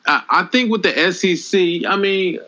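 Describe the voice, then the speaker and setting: A man chatting casually about college football on a podcast, measured and hedging. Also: sits high, pushed and bright. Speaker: podcast co-host. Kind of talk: casual sports chat. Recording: dull lo-fi audio.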